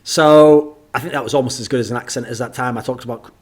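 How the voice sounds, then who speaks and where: A man's voice: mid-range voice, steady tone, rapid-fire, husky. A British man co-hosting a casual podcast, full of sardonic, sweary banter. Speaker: podcast co-host.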